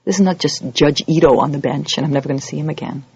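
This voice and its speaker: A woman giving an animated lecture, acting out little scenes and quoted voices as she teaches. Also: quick pace, creaky, husky, no echo. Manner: animated, acts out quoted voices with big pitch jumps. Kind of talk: lively lecture. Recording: dull lo-fi audio recording.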